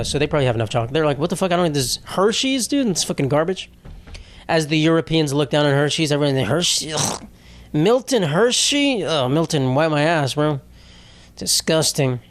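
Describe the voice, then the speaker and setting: A young man with a fairly high voice hosts a solo comedy podcast. He rambles and swears, hopping from one tangent to the next. The sound is close and dry, with no room around it. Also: no echo. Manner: rambling, profane, puts on silly voices for asides. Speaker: podcast host.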